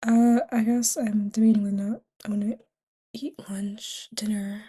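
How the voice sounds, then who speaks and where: A woman's voice: medium pitch, flat delivery, normal speed, warm tone, slightly rough. A tired young woman vlogging in a casual, rambling way, often dropping to a whisper between fillers. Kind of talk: casual confessional chat.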